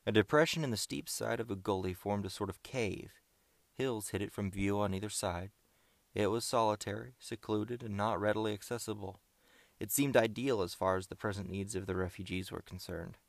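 Steady, measured male narrator with a deep voice and some fry. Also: no room sound. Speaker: audiobook narrator. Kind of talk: scripted audiobook narration.

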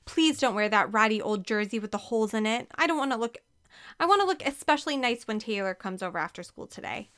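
A woman's voice: fairly high pitch, animated, quick pace, a bit bright, clean tone. A woman voicing Ashley, an anxious eleven-year-old girl who talks in a pleading, dramatic way.

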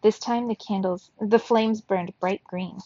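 A woman reading a children's novel aloud for a book club, telling the story in a steady, expressive way. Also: medium pitch, measured pace, no echo, lo-fi sound.

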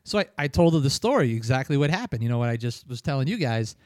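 A man's voice: medium pitch, expressive, fast, darkish tone, dry recording, studio quality. A man hosting a casual podcast chat, telling a long rambling story full of swearing and chuckles. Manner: profane, rambling, chuckles often. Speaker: podcast host.

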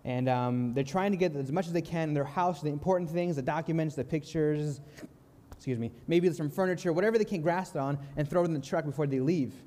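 Young man preaching in a reverberant church. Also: a little high. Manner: calm, earnest, slows and softens on key lines. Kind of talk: sermon with storytelling. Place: church sanctuary.

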